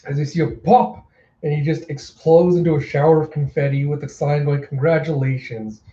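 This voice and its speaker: Mellow-voiced man narrating a manga. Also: a little high, flat delivery, fairly quick. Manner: plain narration with a few slips. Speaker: reader. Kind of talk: casual manga readthrough narration. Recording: echoey room, dull lo-fi sound.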